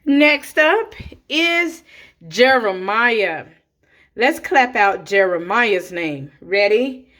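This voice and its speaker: A woman teacher speaking slowly and clearly to young children, clapping out names and counting along with them. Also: mid-range voice, expressive, a bit bright.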